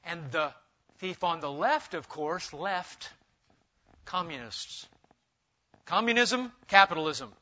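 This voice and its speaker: Emphatic pastor preaching, lo-fi sound. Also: male voice, a little high, takes it slowly, pauses often. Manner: emphatic, swings between loud urging and quiet intensity. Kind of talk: expository sermon.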